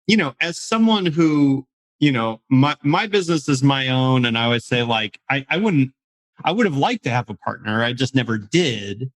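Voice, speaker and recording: A man's voice: medium pitch, lively intonation, normal speed. A man hosting a casual podcast interview, asking long, rambling questions packed with fillers. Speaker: podcast host.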